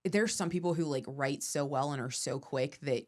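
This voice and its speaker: A woman comedian, a guest on the podcast, telling rambling stories fast with frequent laughter. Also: low voice. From Florida. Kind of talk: casual podcast chat.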